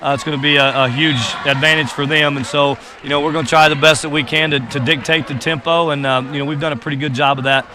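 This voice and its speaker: A man's voice: fairly high pitch, steady tone, fast talker, few pauses, noisy background. A man, a basketball coach, talking casually in a courtside interview, rambling with many fillers and restarts. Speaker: boys basketball coach, guest. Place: gym during a game.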